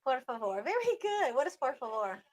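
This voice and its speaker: A woman's voice: sits high, sing-song, normal speed. A woman hosting a casual radio chat, coaching her co-hosts through words in an upbeat way and laughing often. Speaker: radio host. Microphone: studio microphone.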